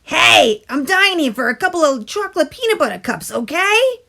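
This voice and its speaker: A woman voicing a greedy talking sweet tooth that calls out for candy in a muffled, drawn-out way. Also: very high-pitched, level tone, pitched above the performer's own voice, heavily acted. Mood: whiny demanding. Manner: muffled, slow and whiny, craving candy.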